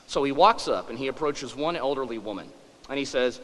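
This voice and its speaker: A man's voice: mid-range voice, lively intonation, fairly quick, fairly bright tone, in a large hall, low-quality recording. A man in his forties giving a humorous public lecture, wry and self-deprecating. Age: 40s.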